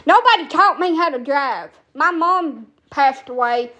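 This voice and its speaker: An animated woman from Alabama, USA, rants through a casual TikTok story at a measured pace, her voice sitting high with a sharp tone. She's profane, blunt, and given to rambling.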